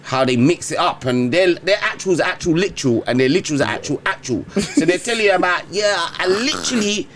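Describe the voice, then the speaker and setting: A man with a London accent co-hosting a podcast, talking in casual, animated banter. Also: fairly quick, hardly any pauses, a crowd in the background. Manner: animated, swings from low mutter to shouting laughter. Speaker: podcast co-host.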